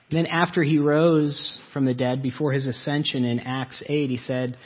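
A man delivers a sermon in a church sanctuary, earnestly putting questions to his listeners. His voice is husky and mid-pitched. The recording is dull and lo-fi. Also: fairly even intonation, moderate pace, hardly any pauses. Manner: earnest, asks the congregation questions. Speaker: pastor.

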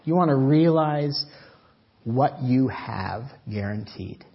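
A man preaching a sermon as pastor, swinging between loud emphatic lines and soft drawn-out words. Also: mid-range voice, animated, husky. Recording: dull lo-fi church audio.

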